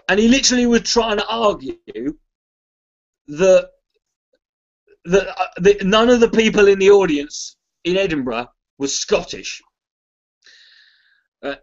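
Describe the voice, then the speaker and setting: A man's voice: high-pitched, lo-fi sound. A man who is a comedian chats loosely on a charity livestream, swearing freely, mocking himself and reading chat messages aloud. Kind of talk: casual rambling livestream chat.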